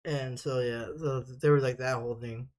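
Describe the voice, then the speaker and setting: A man's voice: mid-range voice, fairly even intonation, moderate pace, darkish tone. A young man casually telling stories from basic training, rambling and swearing a lot, laughing often as he goes. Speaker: vlogger. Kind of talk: casual storytelling.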